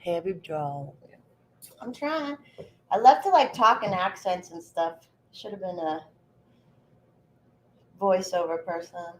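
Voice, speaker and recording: A woman's voice: fairly low pitch, animated, slow pace, pauses often, a little hiss or hum. A woman in her thirties chatting casually while baking in her kitchen, answering her live chat by name and swearing freely. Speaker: livestream host. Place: home kitchen.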